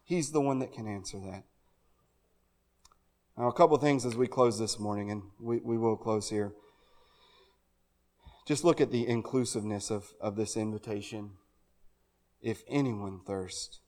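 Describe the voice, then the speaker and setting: A male pastor preaching a sermon, moving between soft pleading and loud, fervent calls to come forward. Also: fairly low pitch, measured pace, pauses often, big-room sound. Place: church sanctuary.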